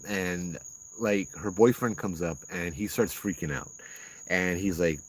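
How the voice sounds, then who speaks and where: A man's voice: deep voice, unhurried, dry recording, rough recording. A man with a Hawaiian Pidgin accent, a ghost tour guide telling a ghost story in a laid-back, rambling way. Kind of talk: casual spoken ghost story.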